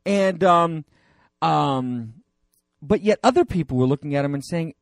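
A male pastor preaching a conversational sermon, animated and digressive, with many fillers and restarts. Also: on the high side, unhurried, vocal fry, no room sound.

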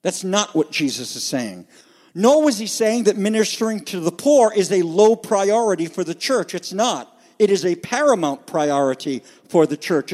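A man's voice: sits high, darkish tone. A pastor delivering a conversational sermon with emphatic phrasing, explaining scripture to his congregation. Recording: long hall reverb.

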